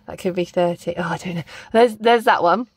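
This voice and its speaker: A woman's voice: on the low side, a little fast, slightly rough, no room sound. A young woman chatting casually as she unboxes stationery, gushing and exclaiming often.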